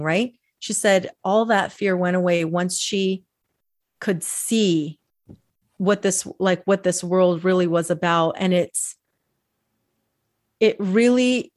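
A woman telling personal stories in a casual podcast chat, talking loosely with many fillers and laughing as she goes. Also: lowish voice. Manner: chatty, storytelling with lots of fillers and laughs.

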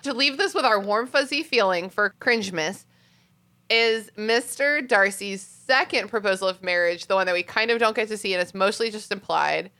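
A woman's voice: mid-range voice, normal speed, sharp tone. A woman hosting a casual podcast chat, frank and laughing, swearing playfully. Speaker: podcast host.

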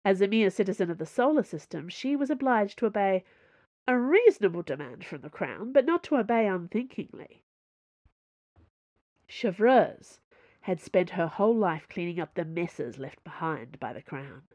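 A woman narrating a romance novel in a measured, expressive reading. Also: mid-range voice, no echo. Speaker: audiobook narrator. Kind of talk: scripted narration.

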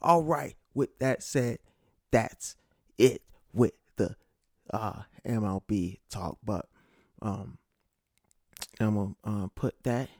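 Man, gravelly voice, slow and halting, casual solo sports talk, dry close sound. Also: lowish voice, no echo. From Connecticut, USA. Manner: rambling, stammering, gloating with laughs. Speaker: podcast host.

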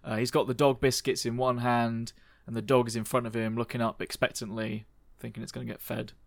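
A man's voice: mid-range voice, level tone, fairly quick, vocal fry, dry recording, studio quality. A man narrating a tabletop game as game master, hesitant and full of ums.

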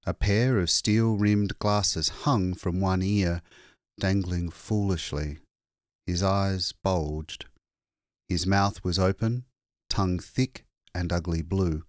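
A man reading a short story aloud as an audiobook narrator, measured and expressive. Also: deep voice, no echo, clean studio sound. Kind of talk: scripted narration.

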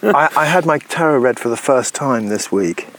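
A man's voice: mid-range voice, expressive, a bit bright. A man telling wry anecdotes in casual chat, often restarting his sentences. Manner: wry, storytelling, halting restarts.

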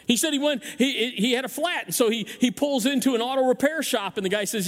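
This pastor's very high voice moves briskly with barely a pause, echoing through a large hall in a church sanctuary. His sermon is animated storytelling with acted-out voices, marked by frequent restarts and repeated words.

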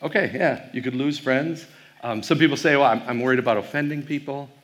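A man's voice: medium pitch, fairly quick, a bit bright. A man from Wisconsin, a pastor giving a keynote talk to a youth audience, telling stories in a loose, conversational way with plenty of fillers. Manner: conversational storytelling with frequent fillers.

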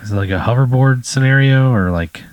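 A man's voice: mid-range voice, fairly quick, no room sound. A man chatting casually as a podcast guest, laid-back, with short replies and dry asides. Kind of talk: casual chat.

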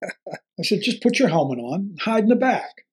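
Older guy, ex football coach, husky voice, telling a story all animated and chuckling. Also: high voice, moderate pace. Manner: animated storyteller, acts out dialogue, chuckles often.

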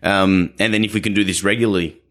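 A man's voice: low voice, fairly even intonation, fast, a bit bright. A young adult man hosting a podcast, explaining dog behavior in a casual, explanatory way and acting out quoted people. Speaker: podcast host, dog trainer.

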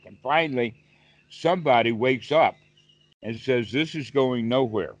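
A man gives a calm, patient Buddhist teaching on a video call, explaining step by step and repeating a word now and then while he thinks. His voice sits at an ordinary middle pitch. The call audio is somewhat dull and lo-fi. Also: normal speed. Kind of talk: dharma talk on a group call.

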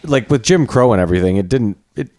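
A man's voice: mid-range voice, lively intonation, quick pace, a little mellow, no room sound, studio quality. A man co-hosting a podcast, chatting casually in a laid-back, rambling way. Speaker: podcast co-host. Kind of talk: casual chat.

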